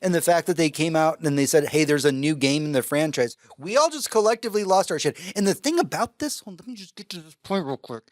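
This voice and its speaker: A man co-hosting a podcast in casual chat, excitable and swearing, talking in bursts into a close mic. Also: on the high side, fast talker, few pauses, dry recording. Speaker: podcast co-host.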